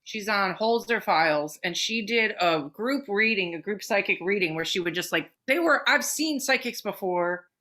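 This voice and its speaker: A woman co-hosting a podcast, telling stories in a loose, excited way, with plenty of swearing and "like" fillers. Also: mid-range voice. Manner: swears freely, fast excited storytelling with many fillers. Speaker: podcast co-host. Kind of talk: casual chat.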